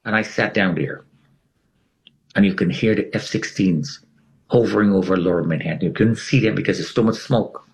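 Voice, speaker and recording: As a guest in an interview, a man recounts a dramatic personal story at a moderate pace, his voice showing vocal fry. He uses wide, emphatic swings in pitch to drive his points home.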